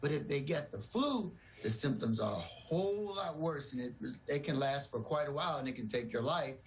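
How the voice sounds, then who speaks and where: A man's voice: on the high side, lively intonation, normal speed, a little hiss or hum, rough recording. A man, a doctor, giving earnest, reassuring explanations in a TV news interview.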